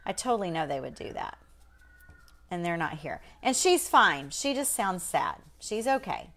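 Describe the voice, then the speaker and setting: A woman's voice: on the low side, big pitch swings, moderate pace, a bit bright. A woman hosting a casual live painting demonstration, chatting folksily with viewers.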